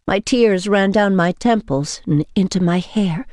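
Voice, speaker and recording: A woman reading a novel in first person as an audiobook narrator, measured and intimate. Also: medium pitch, a little mellow, no echo, clean studio sound.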